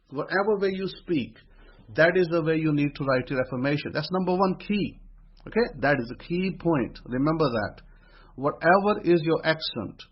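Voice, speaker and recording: A man's voice: on the high side, husky, muffled recording. A man giving a motivational talk, counting off points and often repeating his phrases. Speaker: speaker teaching affirmations. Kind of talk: motivational teaching monologue.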